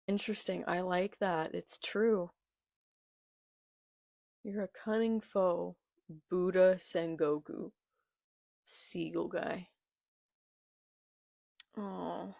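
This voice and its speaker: Reading manga lines aloud and then remarking on them, a young woman makes a casual reaction video, filmed on a phone in portrait. Her voice is lowish, steady, mellow and extremely slow, with vocal fry and frequent pauses, captured in studio quality with no echo.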